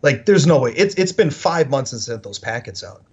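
A man, a podcast guest, telling animated stories with lots of "like" fillers. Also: mid-range voice, fairly quick, husky, muffled recording. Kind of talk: casual storytelling.

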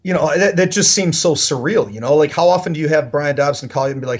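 Husky man telling stories animatedly. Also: on the high side, fast talker, dull audio. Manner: animated, full of "like" fillers. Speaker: podcast guest. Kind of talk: casual storytelling.

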